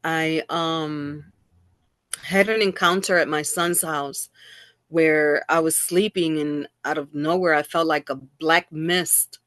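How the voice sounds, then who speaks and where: A woman's voice: deep voice, slow pace, no room sound, clean studio sound. A middle-aged woman, a guest in an interview, telling her own story candidly and acting out the exchanges she recalls. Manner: animated, acts out quoted exchanges.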